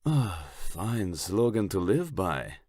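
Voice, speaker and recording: A man voicing a smug, leering Italian crime boss with a thick Italian accent, talking slowly and with menace. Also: low-pitched, very animated, darkish tone, dry recording, studio quality, pitched above the performer's own voice, exaggerated voice. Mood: amused.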